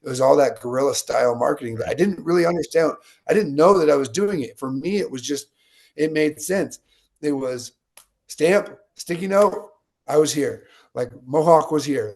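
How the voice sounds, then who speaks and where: Here a man from the United States, a little high-voiced with some vocal fry, speaks at a normal speed. As an interview guest he tells lively stories and plays out the quotes of the characters in them.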